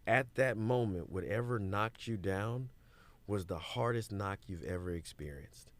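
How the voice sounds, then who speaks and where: A man as a podcast guest, telling stories about business setbacks in a lively way and acting out what people said. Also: lowish voice, unhurried. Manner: animated storytelling, acts out quoted voices. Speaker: guest, business owner and mentor. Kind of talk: casual podcast interview.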